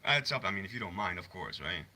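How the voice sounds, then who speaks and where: A man's voice: deep voice, big pitch swings, quick pace, pushed and bright. A man hosting a casual livestream from his phone, rambling, swearing freely, and answering chat messages. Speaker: livestream host.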